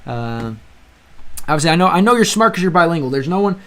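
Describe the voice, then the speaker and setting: Fairly high in pitch with big swings and a fairly bright tone, a young man talks fast while hosting a language-learning stream. He chats loosely with live chat, wanders and restarts frequently, and calls his viewers "bro."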